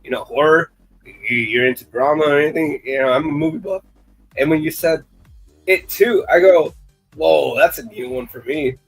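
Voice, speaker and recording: An enthusiastic man with a husky, fairly high voice chats on a live-stream panel. He repeats phrases and fills his talk with "like," and faint music plays behind him. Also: normal speed, low-quality recording. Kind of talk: casual chat on a live stream.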